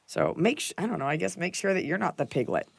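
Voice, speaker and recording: A woman hosting a podcast, chatting casually and joking in an animated, playful way. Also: lowish voice, fast talker, creaky, husky, dry recording. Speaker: podcast host. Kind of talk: casual comedic chat.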